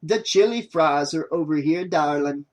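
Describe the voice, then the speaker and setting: Lazy teasing stoner cameraman with a put-on jamaican drawl, man voicing him, pitched a little higher, audiobook. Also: measured pace, lightly acted. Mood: laid-back teasing. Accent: overdone fake Jamaican. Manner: lazy, teasing, calls everyone darling. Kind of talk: audiobook character voice.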